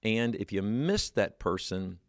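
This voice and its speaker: A man's voice: on the low side, expressive, measured pace, dry recording. A man with a Texan accent who is a pastor, talking in a chatty, upbeat way on a church studio show.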